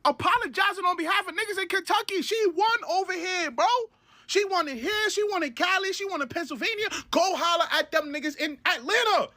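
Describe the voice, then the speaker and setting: A man's voice: fairly quick, sharp tone. A man with a New York accent ranting in heavy slang, exasperated and swinging his voice up and down. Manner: exasperated, heavy slang, swings between high and low pitch. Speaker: man ranting in a viral clip. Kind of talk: animated street-talk rant.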